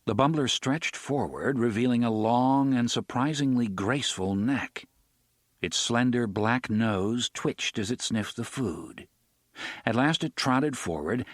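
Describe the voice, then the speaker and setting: A man narrates an audiobook in a steady, measured way. His voice sits at medium pitch, and the recording is dry and studio quality.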